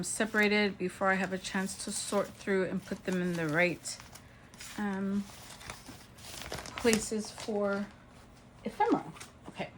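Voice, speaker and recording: A woman's voice: medium pitch, slight background noise, rough recording. A woman vlogger narrating a casual show-and-tell of craft supplies, gushing and exclaiming over each item.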